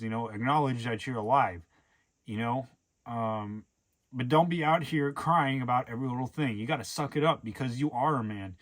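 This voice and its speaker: A man's voice: mid-range voice, a bit bright. A young man talking earnestly in a rambling way, with lots of fillers, in a casual personal vlog monologue. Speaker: vlogger.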